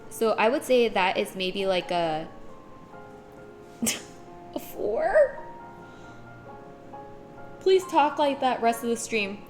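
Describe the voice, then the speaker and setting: A woman streamer in casual chat, reading chat aloud and acting out little voices with a giggly, animated manner. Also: a little high, slow, long pauses, faint music behind.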